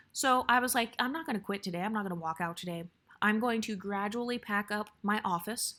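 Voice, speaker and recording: A young woman telling a casual storytime about her workplace, blunt and animated, swearing freely and acting out what others said. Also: mid-range voice.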